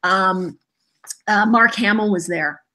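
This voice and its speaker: A woman voice actress as a podcast guest, telling lively anecdotes and often laughing. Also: mid-range voice, slow. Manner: animated, laughing often, acts out quoted voices. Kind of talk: casual podcast interview, storytelling.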